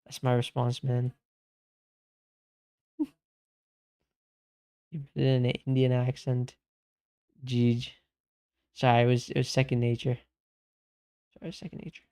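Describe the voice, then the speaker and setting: Slow, smooth-voiced young male streamer. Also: mid-range voice, level tone, mellow. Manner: laid-back, reads chat aloud, says "bro" constantly. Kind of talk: casual live-stream chat while gaming.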